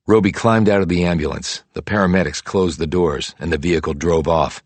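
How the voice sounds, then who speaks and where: A male audiobook narrator with a very deep, husky voice, reading a crime thriller in a steady, measured way. The recording is dry and close, with faint music underneath. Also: dry recording. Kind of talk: scripted narration.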